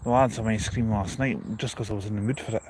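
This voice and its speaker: A man's voice: on the low side, quick pace. Man, dry humour, some restarts, faint outdoor noise. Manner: dry wisecracks, hesitant restarts. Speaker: vlog co-host. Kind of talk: casual chat. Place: outdoors at a railway station.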